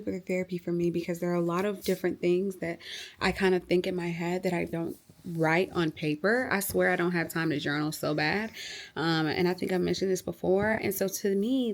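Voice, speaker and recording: Young woman, casual confessional vlogger, worn out and teary, rambling delivery, gravelly fry at the ends of phrases. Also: fairly low pitch. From United States. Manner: emotional, venting, rambling with many fillers. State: tired and teary. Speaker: vlogger, mother.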